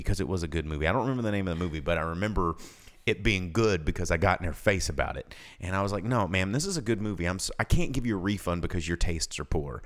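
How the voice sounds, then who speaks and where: A man hosting a live show, telling a work story in casual chat and mimicking customers in a high voice. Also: lively intonation, fast. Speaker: podcast host.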